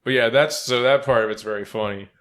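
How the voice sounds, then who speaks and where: A man with a bright, forward voice chats loosely about sports as a podcast co-host. He laughs often, swears freely, and slips into loud, high-pitched impressions of other people. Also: fast talker. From Philadelphia area. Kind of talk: casual sports chat.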